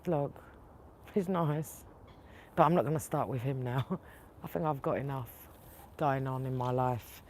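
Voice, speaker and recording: A woman's voice: extremely low pitch, measured pace, pauses often, a little mellow, slight background noise. A woman hosting a vlog, angrily retelling a run-in with her neighbours and quoting both sides at length. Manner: indignant, retells arguments with quoted dialogue. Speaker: tarot channel host. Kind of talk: casual vlog storytelling.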